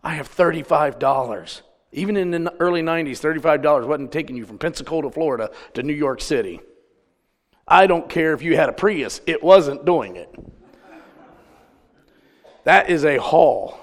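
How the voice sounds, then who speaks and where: A man's voice: fairly high pitch, animated, normal speed, pauses often, in a large hall. A man preaching a conversational sermon, telling stories and putting questions to the congregation. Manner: storytelling, asks the congregation questions.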